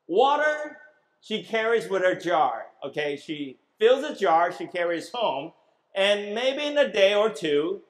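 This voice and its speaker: A man's voice: sits high, echoey room, rough recording. A man preaching a sermon as pastor, emphatic, asking the congregation questions and having them repeat words after him.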